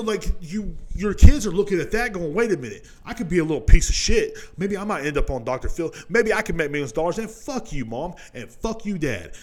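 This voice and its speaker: A man hosting a solo podcast, talking in a profane, rambling, opinionated rant. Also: on the high side. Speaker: podcast host.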